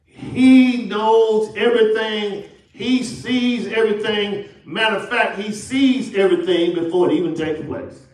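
A man's voice: high-pitched, unhurried. A Southern American man preaching a sermon to his congregation, asking them questions and acting out the voices of the people in his story. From Texas. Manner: call-and-response preaching, acts out quotes. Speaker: pastor. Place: church sanctuary. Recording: echoey church from a distance.

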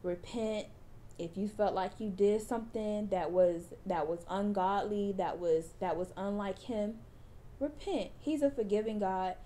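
A woman's voice: mid-range voice, moderate pace, hardly any pauses, dark tone. A young woman vlogger chatting casually to her viewers, calling them y'all and restarting her phrases as she goes. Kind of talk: casual vlog chat and encouragement.

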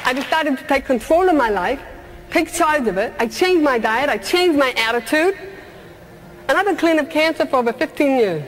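High-voiced middle-aged woman, earnest storyteller. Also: animated, moderate pace, a loud crowd, very noisy. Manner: earnest storytelling with humorous asides. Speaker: motivational speaker. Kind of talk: motivational talk with comic storytelling.

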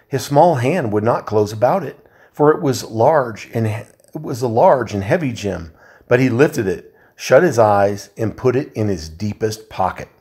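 A man, a volunteer reader, reading a novel aloud in a measured way, with occasional slips he corrects. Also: mid-range voice, expressive, a little mellow, breathy edge.

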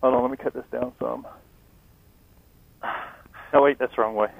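A man speaks over a thin, phone-like helmet intercom. His voice is gravelly and flat, and his remarks come out dry and joking. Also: medium pitch, moderate pace, no echo. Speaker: riding friend. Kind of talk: casual chat over intercom. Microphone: helmet intercom headset. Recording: tinny phone-like intercom line.

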